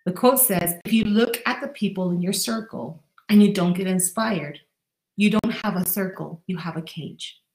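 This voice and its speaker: A woman's voice: lowish voice, moderate pace, a little mellow, echoey room, low-quality recording. A woman life coach giving an earnest, direct motivational podcast monologue, speaking straight to the listener.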